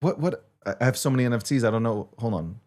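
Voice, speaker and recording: A man's voice: mid-range voice, rapid-fire, a little mellow. A man hosting a casual market talk show, ranting in a profane, self-mocking way. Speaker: show host.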